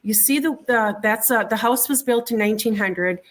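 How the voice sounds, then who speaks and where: Halting middle-aged woman telling a story. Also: fairly high pitch. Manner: halting, repeats words and restarts often. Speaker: interview guest recounting a sighting. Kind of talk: conversational storytelling.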